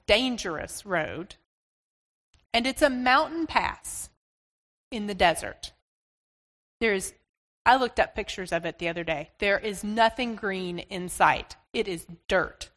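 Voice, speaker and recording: Woman preacher, storytelling sermon, slow and expressive, church reverb. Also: a little high.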